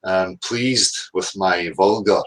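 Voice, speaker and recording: A male host with a low voice chats casually, sounding tired. His manner is blunt and laid-back, and he swears freely. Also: steady tone, slow, recorded from a distance, poor audio. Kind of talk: casual chat.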